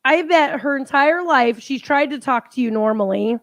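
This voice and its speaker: Woman co-host, high and playful, close dry mic. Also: animated, normal speed, a bit bright, no echo. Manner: teasing, laughs often. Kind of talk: casual live-stream chat.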